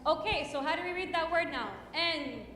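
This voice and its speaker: A woman's voice: very high voice, normal speed, pushed and bright. A woman teaching a hymn class, patiently coaxing her students with questions, recorded in a church hall. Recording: echoey hall with long reverb.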